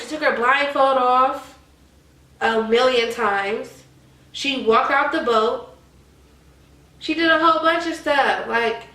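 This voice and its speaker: A woman's voice: high-pitched, takes it slowly, long pauses, echoey room, recorded from a distance, low-quality recording. A woman, chatting animatedly to her viewers in a casual commentary. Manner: animated, addresses viewers as y'all. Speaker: vlogger.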